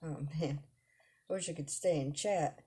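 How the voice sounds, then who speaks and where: A woman's voice: deep voice, a little slow, dark tone. A woman reading the lines of an eager adult male wrestling fan in a dating game, gushing. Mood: starstruck.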